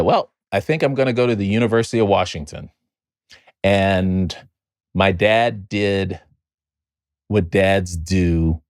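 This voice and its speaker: Low-voiced man telling a family story. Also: no room sound, studio quality. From Chicago, United States. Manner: animated storyteller, repeats words while finding the next thought. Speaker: podcast guest. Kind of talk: storytelling in a conversational interview.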